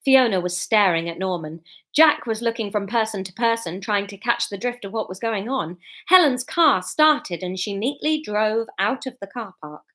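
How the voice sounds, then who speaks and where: A woman's voice: mid-range voice, expressive, normal speed, a bit bright. A woman reading her serialized story aloud, chatty and prone to jokey, sweary asides. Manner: chatty, swears, breaks off to laugh and joke.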